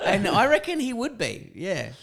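A man with an Australian accent, co-hosting a podcast and telling crude stories in a relaxed, slangy way. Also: high voice, vocal fry. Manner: crude, laid-back, slangy storyteller. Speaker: podcast co-host. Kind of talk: casual storytelling chat.

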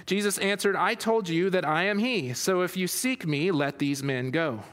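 A man delivers a sermon, first reading a scripture passage aloud and then explaining it. His voice sits a little high for a man, and he often restarts his phrases as he thinks aloud. A long reverb trails his words, as in a large hall. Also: moderate pace, fairly bright tone. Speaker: pastor.

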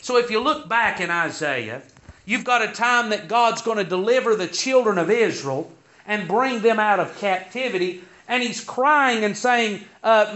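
Lively high-voiced man teaching scripture. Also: moderate pace. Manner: reads scripture aloud in King James wording, then explains it. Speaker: Sunday school teacher. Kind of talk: Bible teaching sermon. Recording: dull, lo-fi recording.

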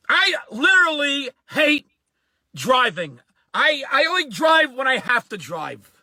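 A man delivering a profane, angry rant to camera, shouting insults at times. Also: very high-pitched, sing-song, takes it slowly, no echo. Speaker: ranting video commentator. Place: at home by his driveway.

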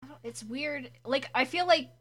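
A woman's voice: sits high, moderate pace, a bit bright. A woman co-hosting a podcast, chatting casually about a TV episode and trailing off mid-thought. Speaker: podcast co-host.

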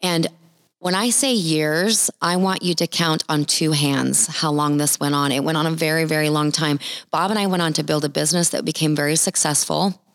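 A woman's voice: low voice, steady tone, normal speed, no room sound, clean studio sound. A middle-aged woman sharing a Christian testimony in an earnest, heartfelt storytelling manner. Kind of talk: personal testimony talk.

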